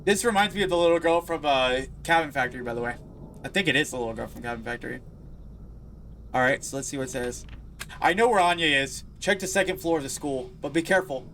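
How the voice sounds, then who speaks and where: A man giving let's play commentary on a horror game, excitable and talking back to the game characters. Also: on the high side, fast, a little hiss or hum. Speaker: gaming video creator.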